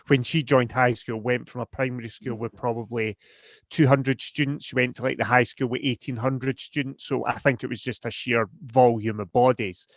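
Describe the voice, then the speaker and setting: A man's voice: mid-range voice, fairly even intonation, normal speed, no room sound, muffled recording. A man in his forties hosting a casual podcast. He speaks emphatically and with dry sarcasm. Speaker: podcast host.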